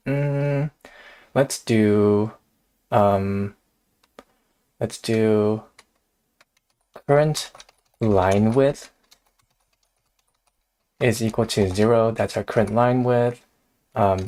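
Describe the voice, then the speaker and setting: A man's voice: lowish voice, slow, pauses often, darkish tone. Man thinking aloud while coding. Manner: thinks aloud, hesitant, laughs often. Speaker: streamer host. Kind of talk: casual live coding chat.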